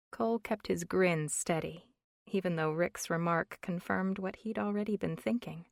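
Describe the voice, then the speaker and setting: A woman reads an audiobook in an even, measured way. Her voice sits fairly low, and the sound is close-miked and dry. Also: gravelly, dry recording. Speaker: audiobook narrator. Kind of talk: scripted narration.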